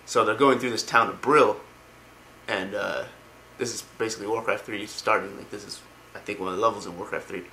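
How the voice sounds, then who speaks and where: Man, casual lore retelling, rambling, lowish pitch, bright tone. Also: steady tone, a little fast, slight background noise. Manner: rambling, lots of ums and likes. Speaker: lore explainer.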